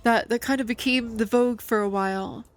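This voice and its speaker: A woman's voice: on the high side, steady tone, a little fast. Woman streamer, chatty and rambling, light music bed. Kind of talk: casual game commentary.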